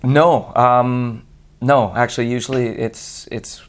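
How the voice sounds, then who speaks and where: A hoarse man telling a lively anecdote in casual chat, acting out the other voices and laughing often. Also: medium pitch, takes it slowly. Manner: animated storyteller who acts out voices and laughs often. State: hoarse voice after a long week. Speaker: guest on a radio chat show.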